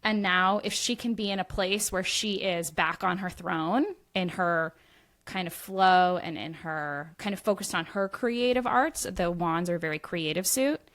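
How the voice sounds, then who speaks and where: A woman's voice: on the low side, measured pace, a bit bright. A woman, a guest medium reading tarot, talking in a chatty, musing way on a casual podcast.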